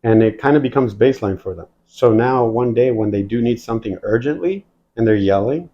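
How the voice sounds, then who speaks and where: In a fairly quick, mid-range voice on a muffled recording, a military veteran appearing as a guest tells stories from his war service. His casual storytelling is profane and animated, and he acts out the quoted dialogue as he goes.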